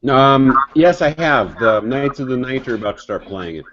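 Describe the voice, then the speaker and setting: A man co-hosting a casual webcast chat, playful and teasing with quick giggles. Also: medium pitch, expressive. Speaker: co-host. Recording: dull lo-fi audio with faint hiss.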